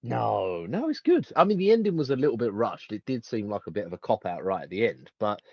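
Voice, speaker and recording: A man's voice: lowish voice, a little fast, vocal fry, husky, no room sound, lo-fi sound. A young man co-hosting a podcast in casual chat, telling stories animatedly and acting out little asides. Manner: animated storytelling with acted-out asides. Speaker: podcast co-host.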